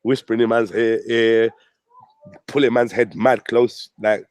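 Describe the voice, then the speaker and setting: A man's voice: mid-range voice, steady tone, unhurried, dry recording. A man ranting on his channel, mocking and swearing at a rival. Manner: profane, mocking, combative. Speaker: vlogger. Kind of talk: ranting commentary.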